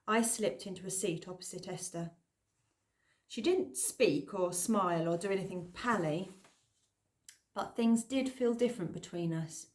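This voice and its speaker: Expressive woman reading an audiobook. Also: medium pitch. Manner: expressive, lively storytelling. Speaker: audiobook narrator. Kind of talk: scripted narration.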